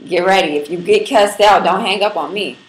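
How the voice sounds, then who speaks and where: Her medium-pitched voice moves fairly quickly as she hosts a casual livestream from a Brooklyn apartment. She's playful, brash and profane, addressing viewers directly, and the echoey room carries faint background noise.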